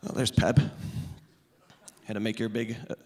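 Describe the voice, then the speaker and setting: A man's voice: on the low side, level tone, normal speed, darkish tone, a little hiss or hum. A man in his thirties doing stand-up on stage into a microphone, sarcastic and teasing the audience. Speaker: comedian. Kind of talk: stand-up comedy. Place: stage before a live audience. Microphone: amplified stage microphone.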